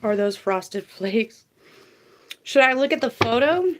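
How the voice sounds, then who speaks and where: A woman's voice: fairly high pitch, lively intonation, takes it slowly, background noise. A woman, doing a casual tarot livestream, chatty and laughing as she reads viewer comments aloud.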